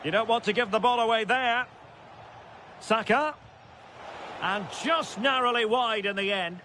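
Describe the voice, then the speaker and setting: A man giving recorded play-by-play football commentary for a video game, with crisp calls of player names that rise to shouted goal calls. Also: very high voice, a little slow, slight background noise.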